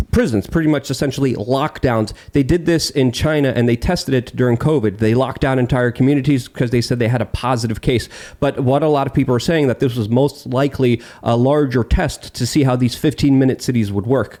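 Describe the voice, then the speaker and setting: A man's voice: mid-range voice, a little mellow. A man speaking as a podcast guest, talking intensely and insistently with stumbling restarts. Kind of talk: heated political talk.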